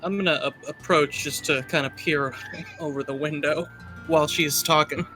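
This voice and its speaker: A man playing a tabletop role-playing game, speaking quietly and casually. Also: a little high, fairly even intonation, moderate pace, soft background music. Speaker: player.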